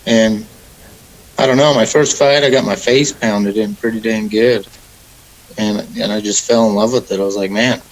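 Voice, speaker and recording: A young man, a mixed martial arts fighter, answering interview questions in a relaxed, rambling way with many fillers. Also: fairly low pitch, normal speed, low-quality recording. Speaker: MMA fighter, guest.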